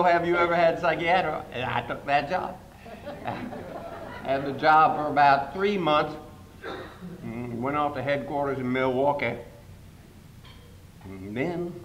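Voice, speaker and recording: Older male conference speaker with a mid-range voice, spinning humorous tales in a roomy hall with a faint low rumble behind him. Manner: animated storyteller with sudden loud jumps. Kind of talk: humorous storytelling speech.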